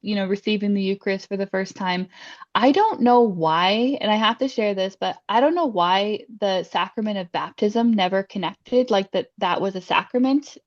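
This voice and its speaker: A woman's voice: mid-range voice, moderate pace, dry recording. Chatty, heartfelt woman on a call. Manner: chatty, lots of fillers, laughs often; emotional, heartfelt. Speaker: guest sharing her faith testimony. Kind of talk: casual testimony interview. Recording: dry, slightly dull sound.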